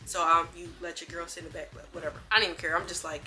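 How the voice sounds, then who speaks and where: A young woman vlogger telling a storytime in an animated, slangy way, acting out the other people's lines as she goes. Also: fairly low pitch, very fast, crowd noise. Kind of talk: casual storytime.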